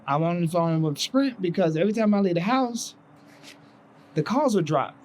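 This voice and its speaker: High-voiced man telling a profane story. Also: expressive, normal speed, a little mellow, rough recording. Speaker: podcast co-host. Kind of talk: casual storytelling chat.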